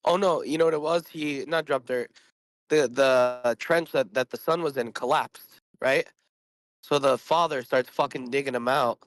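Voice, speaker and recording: A man who is sick and keeps clearing his throat, chatting bluntly and swearing a lot on a group voice call about trading and his job. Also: mid-range voice, normal speed, dry recording. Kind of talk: casual chat.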